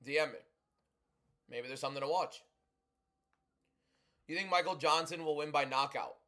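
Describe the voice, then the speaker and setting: A young man hosting a livestream, talking loudly and chatting casually as he reads and answers viewer comments. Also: a little high, moderate pace. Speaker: livestream host.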